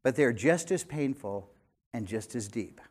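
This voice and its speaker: An older man in his sixties preaching a sermon, animated, swinging between loud emphasis and quiet conversational asides. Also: medium pitch, unhurried, husky. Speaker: pastor.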